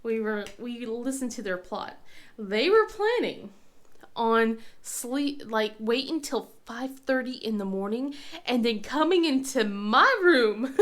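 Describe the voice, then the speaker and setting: Chatty mother, high voice, laughing often. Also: big pitch swings, unhurried, fairly bright tone. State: sick with a cold. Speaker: crafting vlogger. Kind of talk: casual chat.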